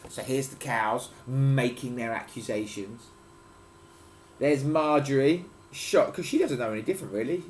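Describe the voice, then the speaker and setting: A man's voice: mid-range voice, normal speed, slight background noise. A father reading a picture book aloud to his children at home, playfully explaining words and pointing at the pictures.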